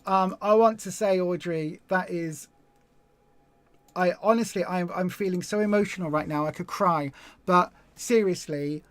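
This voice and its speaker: A woman's voice: on the low side, unhurried, no room sound. A woman hosting a weight loss support live stream, talking in an emotional, effusive way and repeating herself. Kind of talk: casual live stream chat.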